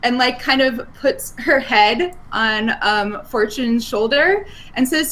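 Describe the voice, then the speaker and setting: Woman player, fairly high voice, unhurried and giggly. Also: fairly bright tone, a little hiss or hum. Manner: giggly, dithering. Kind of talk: playing a tabletop game.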